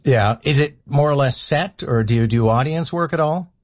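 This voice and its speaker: A man hosting an interview, brisk and polished in his introductions. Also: mid-range voice, no echo. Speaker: radio host. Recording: dry muffled broadcast audio.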